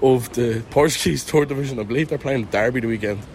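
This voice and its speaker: A man's voice: mid-range voice, fast talker, darkish tone, a little hiss or hum. Young Irish man, jokey travel banter. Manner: jokey, self-mocking banter. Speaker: podcast co-host. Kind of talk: casual travel chat. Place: outdoors and in an airport, walking through a city.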